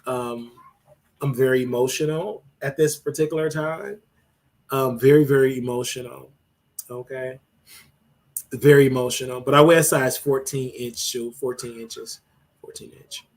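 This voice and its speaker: A man hosting a livestream, emotional after crying, repeating his thanks to viewers over and over. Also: fairly even intonation. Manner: jumps to high drawn-out greetings when welcoming viewers. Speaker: livestream host. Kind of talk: emotional live stream chat with viewers.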